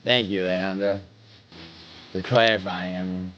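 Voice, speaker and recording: A man's voice: on the low side, fairly even intonation, a little slow, fairly bright tone, muffled recording, slight background noise. A man from New York hosting a livestream, rambling and swearing as he answers chat aloud. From New York, United States. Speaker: livestream host. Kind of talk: casual livestream chat reading. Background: music playing.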